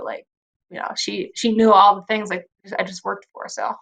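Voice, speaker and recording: Casting note: young adult woman, interview guest, soft and halting, lots of "like" and "you know". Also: medium pitch, little pitch movement, creaky. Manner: soft-spoken, heavy use of fillers like "like" and "you know". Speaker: guest wrestler. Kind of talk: emotional interview conversation.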